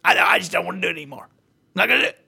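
Man putting on a hillbilly, high gravelly voice, bright and husky, drawling and touchy. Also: very fast, exaggerated voice. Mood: offended. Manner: drawling, self-pitying, deadpan rambling. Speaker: recurring character. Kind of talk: radio comedy bit.

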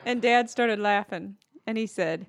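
A woman's voice: medium pitch, measured pace, heavy background noise. A middle-aged woman co-hosting a podcast, telling stories in casual chat and acting out the voices of the people she quotes. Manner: chatty storyteller who acts out quoted voices. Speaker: podcast co-host.

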